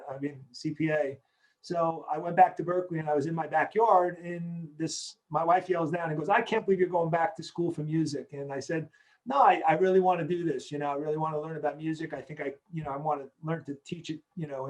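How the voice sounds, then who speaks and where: A man in his sixties, the creator of an animated short, talking casually in an interview and rambling with lots of filler words. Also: on the high side, low-quality recording. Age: 60s. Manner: rambling, heavy on "you know" fillers.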